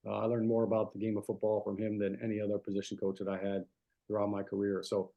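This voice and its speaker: A man's voice: lowish voice, completely flat delivery, fast talker, creaky, lo-fi sound. A middle-aged man from New Jersey, a guest speaker telling stories in a conversational way, full of fillers and restarts. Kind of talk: anecdotal storytelling talk.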